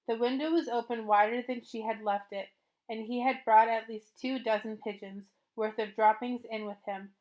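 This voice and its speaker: A woman reads a children's novel aloud, narrating steadily and at an even pace. Her voice sits a little high for a woman. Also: moderate pace. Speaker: storybook reader.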